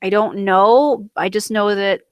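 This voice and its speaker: A young woman from the United States talks through a TV episode in a loose, rambling way, piling on fillers and correcting herself as she goes. Her voice sits at an ordinary pitch for a woman and sounds close and dry, with almost no room sound. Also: a little slow, clean tone, no room sound. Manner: rambling and excitable, many fillers and self-corrections. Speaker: vlogger recapping a TV episode. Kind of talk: casual chat.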